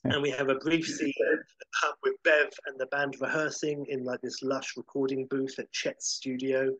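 A man casually narrating a comic film pitch scene by scene, rambling with lots of "like" and "uh". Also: flat delivery, normal speed, fairly bright tone, dry recording, dull audio. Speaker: podcast host pitching a film sequel.

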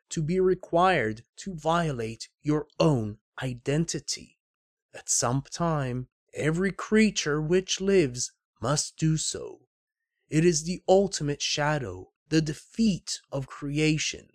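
A man voicing a sorrowful, weary old man who speaks softly and solemnly, in a read-aloud book passage. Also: on the high side, expressive, takes it slowly.

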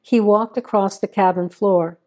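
A woman narrates a crime story in a steady, even reading voice. Her tone is mellow and warm, never sharp, and she sits at a middling pitch. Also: a little slow.

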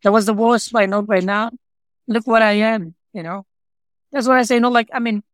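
A man's voice: high voice, steady tone, fairly quick, a bit bright, no room sound. Man, broken non-native English, earnest and repetitive, heavy fillers, dry close sound. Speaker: interview guest, pizza shop owner. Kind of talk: emotional personal storytelling.

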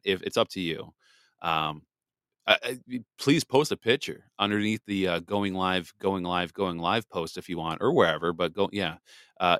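Guy rambling on a live podcast, kinda low voice, super dry sound. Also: fairly bright tone, dry recording. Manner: rambling, chatty, greets listeners in the live chat. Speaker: podcast host. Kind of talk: casual live podcast chat.

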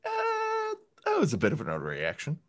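A playful man chatting about a TV episode on a podcast, cracking jokes and laughing often. His pitch swings a lot, which makes him sound lively and animated. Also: fairly quick. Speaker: podcast co-host. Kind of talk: casual TV episode recap.

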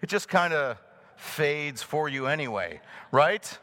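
Brief: middle-aged man, pastor preaching, high voice, chuckles through a story. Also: takes it slowly. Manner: animated storytelling, chuckling often. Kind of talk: sermon with a personal story. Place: in front of a live congregation.

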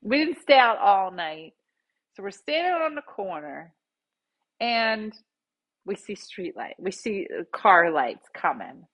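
A woman host casually telling a funny story, jumping into loud quoted voices. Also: mid-range voice, sing-song, slow pace. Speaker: podcast host.

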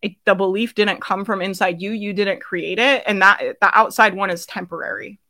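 Bright, chatty woman business coach. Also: medium pitch, fairly even intonation, moderate pace, vocal fry. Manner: chatty, frequent "like" and "right?", laughs often. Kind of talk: live coaching talk to an online audience.

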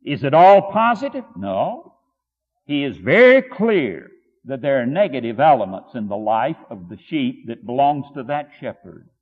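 A man preaching with a lively, rising and falling delivery, hammering his points home through repetition. His voice rings with a long hall reverb, and the sound is thin and tinny like a phone line. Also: mid-range voice, a little slow, slightly rough. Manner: storytelling, emphatic repetition. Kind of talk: sermon.

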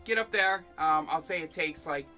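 A game master narrating a tabletop role-playing session, bright and sharp in tone. The delivery is halting and improvised, full of ums, with faint music underneath. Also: mid-range voice, muffled recording.

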